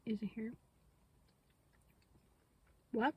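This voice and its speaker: A woman's voice: drawn-out words, muffled recording. A woman vlogging outdoors at a cemetery, asking questions casually and sometimes dropping to a whisper. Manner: questioning, often drops to a whisper. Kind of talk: casual ghost-hunting vlog talk.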